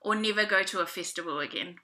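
A woman's voice: mid-range voice, quick pace, sharp tone. A woman from New Zealand hosting a podcast, chatting casually and laughing often. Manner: bubbly, laughs often, playful. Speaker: podcast host. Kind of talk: casual interview chat.

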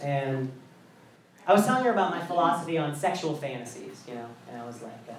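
A man performing a stand-up bit, telling a story with fast, animated delivery. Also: fairly high pitch, heavy reverb, far from the mic, a little hiss or hum, poor audio. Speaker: comedian. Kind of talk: stand-up comedy.

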